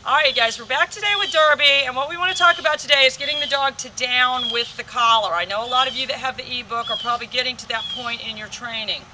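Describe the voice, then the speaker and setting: A woman's voice: high-pitched, fast, few pauses, far from the mic, background noise. A woman dog trainer explaining steps plainly to viewers during an outdoor training demo. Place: outdoors on a rural training field.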